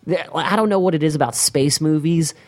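A man's voice: on the high side, brisk. A man co-hosting a podcast in casual chat, who insists on his points by repeating them. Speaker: podcast co-host.

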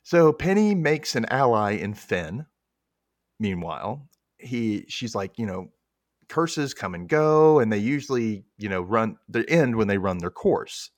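Podcast host, male, lowish voice, lively storyteller, dry close sound. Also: a little slow, no room sound. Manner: animated storytelling, acts out quotes, laughs often. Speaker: podcast host recapping an episode. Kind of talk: casual recap chat.

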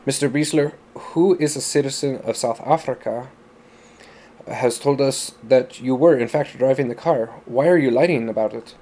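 A man voicing a stern, heavily accented courtroom prosecutor who presses with accusing questions, in a dark, mellow voice. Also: mid-range voice, brisk, close to an everyday voice.

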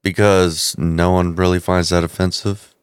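A man chatting on a podcast, talking slowly and hesitantly with lots of fillers. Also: low-pitched, flat delivery, smooth, dry recording, clean studio sound. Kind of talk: casual podcast chat.

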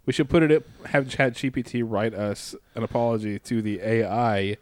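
A man's voice: on the low side, steady tone, normal speed. A man co-hosting a comedy podcast, rambling through ideas and laughing along. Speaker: podcast co-host. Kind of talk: irreverent comedic banter.

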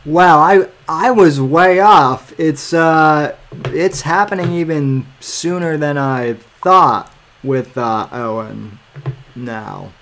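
A man hosting his podcast in casual talk, halting and searching for words as he sets up a clip. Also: on the high side, a bit bright. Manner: halting, searching for words while working the screen. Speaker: podcast host.

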